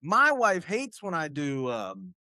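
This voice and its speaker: A man's voice: on the high side, wildly swooping pitch, takes it slowly, bright, forceful tone, dry recording. A man with a Southern accent chatting as a podcast guest, reading headlines aloud and laughing often. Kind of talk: casual chat.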